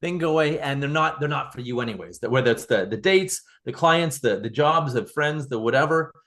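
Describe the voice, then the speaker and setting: A man's voice: mid-range voice, animated, brisk, fairly bright tone. A man as a podcast guest, talking earnestly in casual conversation, often restarting and repeating words.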